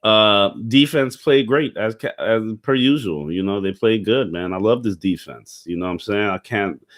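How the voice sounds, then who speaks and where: A young man talks through a football week in a loose, rambling way, thick with slang, swearing and fillers. His voice sits fairly low, and he burps now and then. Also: moderate pace. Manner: burping. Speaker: football commentator. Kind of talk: casual sports recap.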